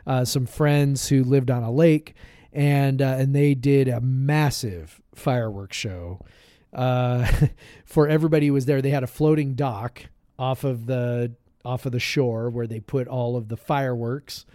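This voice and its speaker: A man co-hosting a casual podcast, telling a long story in a loose, rambling way and circling back with fillers. His voice sits at a middling pitch. The room sounds dry and close. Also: fairly even intonation, measured pace, dark tone, no echo. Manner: rambling storyteller, lots of "like" and restarts. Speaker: podcast co-host. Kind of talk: casual chat. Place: podcast room, shared with co-host.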